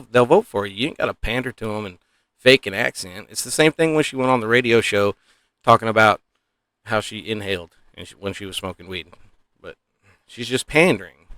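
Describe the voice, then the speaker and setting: A man's voice: fairly low pitch, fairly bright tone, dry recording, clean studio sound. A man giving casual, opinionated political commentary, rambling and sighing often.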